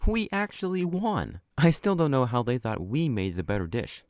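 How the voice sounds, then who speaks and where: Chatty male storyteller, lively pitch. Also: moderate pace, background noise. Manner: chatty, with lots of likes and asides. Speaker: animated storytime narrator. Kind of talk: casual storytelling.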